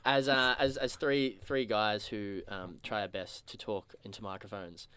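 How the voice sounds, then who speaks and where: A man's voice: fairly low pitch, steady tone, unhurried, a bit bright, clear, resonant tone, no echo. A man with an Australian accent co-hosting a radio show, chatting loosely and jokily. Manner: loose and jokey, with restarts. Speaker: radio co-host. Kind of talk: casual radio chat. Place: radio studio.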